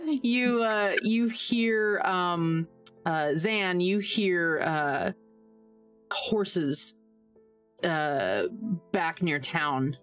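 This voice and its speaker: Woman game master, unhurried narration full of fillers. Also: on the low side, lively intonation, a bit bright, clean tone, soft background music. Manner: slow, halting with fillers.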